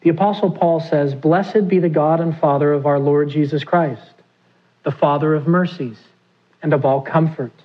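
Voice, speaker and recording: A man's voice: on the high side, dull audio. A man preaching a sermon, who asks his listeners questions and acts out the pleas he quotes. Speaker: pastor.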